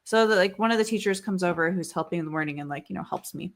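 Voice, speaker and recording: A woman's voice: lowish voice, very fast. A woman in her thirties, a podcast co-host, telling a story in casual chat. She rambles with many fillers and swears freely.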